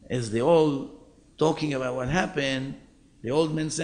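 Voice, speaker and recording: A man, a rabbi, telling a story as an animated storyteller in a sermon. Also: fairly high pitch, normal speed.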